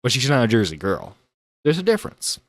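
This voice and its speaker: A man's voice: mid-range voice, huge pitch swings, fairly bright tone, no room sound, studio quality. A man hosting a livestream, chatting casually and laughing as he reacts to a video. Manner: chatty, laughing, halting with fillers. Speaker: streamer host.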